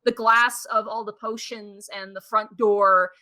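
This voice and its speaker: A woman narrating as game master of a tabletop game, casual and quick to laugh. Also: mid-range voice, steady tone, bright, forceful tone. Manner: casual, laughing, restarts often.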